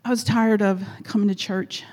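A woman's voice: mid-range voice, steady tone, moderate pace, darkish tone. A woman telling a personal story at church, chatty and rambling with frequent laughs. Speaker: guest speaker at church. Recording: echoey hall.

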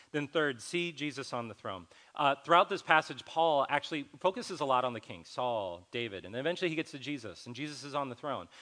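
Bright-voiced earnest male pastor preaching. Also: medium pitch. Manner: conversational, earnest, acts out quoted dialogue. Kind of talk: sermon.

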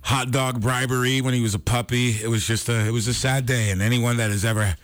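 A man's voice: medium pitch, fairly even intonation, brisk, no room sound. A man co-hosting a radio show, speaking in a heartfelt and plainspoken way. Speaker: radio co-host. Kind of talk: casual radio talk. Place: radio studio.

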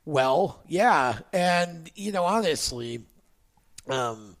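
A man's voice: a little high, lively intonation, drawn-out words. A man co-hosting a casual motorsports talk show, speaking hesitantly with fillers. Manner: hesitant, lots of fillers and restarts. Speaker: podcast co-host.

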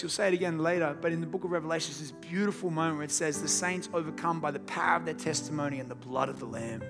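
Earnest pastor preaching, man. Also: high voice. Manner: earnest, direct address to congregation. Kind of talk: sermon. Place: church service in a large room.

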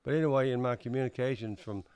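An older man, recounting his past in an oral history interview, halting often with fillers and restarts and clearing his throat. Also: mid-range voice, a little mellow. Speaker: interviewee recounting Cold War service.

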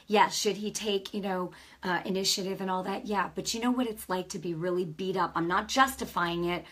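A woman's voice: medium pitch, steady tone, fairly quick, fairly bright tone. A woman preaching an off-the-cuff sermon to viewers, earnest and emphatic, sometimes dropping to a whisper. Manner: talks directly to viewers, many "you know" asides. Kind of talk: spontaneous sermon to a camera audience.

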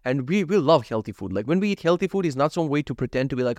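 Swearing, animated man telling his day. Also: mid-range voice, fast talker, few pauses, no echo, clean studio sound. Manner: animated storytelling, frequent swearing, acts out his own thoughts. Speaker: vlogger. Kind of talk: casual daily vlog monologue.

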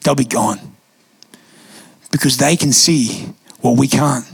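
Gravelly-voiced young male pastor preaching. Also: medium pitch, takes it slowly. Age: young adult. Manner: animated storytelling preacher, conversational with fillers. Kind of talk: sermon. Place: church auditorium.

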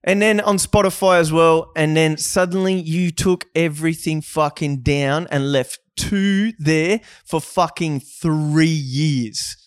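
A man's voice: on the high side, takes it slowly, few pauses, clean tone, no room sound, clean studio sound. A man co-hosting a podcast, chatting loosely with laughter and swearing. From Australia. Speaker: podcast co-host. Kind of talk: casual podcast chat.

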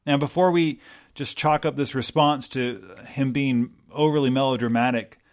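A pastor delivering a reflective, gentle sermon, pausing often and restarting his sentences. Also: medium pitch.

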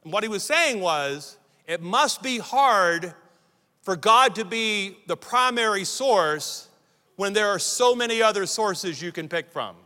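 A middle-aged man from the United States preaches with a high, forceful voice, driving his points home in stacked, repeated phrases. His words ring out with the long reverb of a large church hall. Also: lively intonation, a little slow. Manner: emphatic preaching, building lists and repeated phrases. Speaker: pastor. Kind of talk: sermon. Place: church sanctuary.

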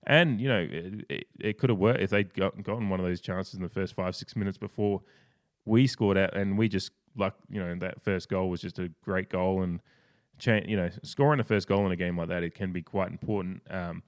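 A man co-hosting a casual sports podcast, telling stories in a rambling, animated way with lots of restarts. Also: sits low, brisk. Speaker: podcast co-host.

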